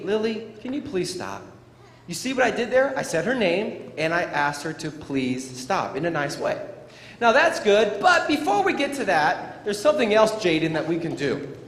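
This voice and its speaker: A man giving a playful motivational talk to schoolchildren, acting out little scenes. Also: fairly high pitch. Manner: playful, acts out scenes for children. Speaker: motivational speaker. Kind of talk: animated school assembly talk. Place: school gym or auditorium. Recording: echoey hall, faint crowd noise.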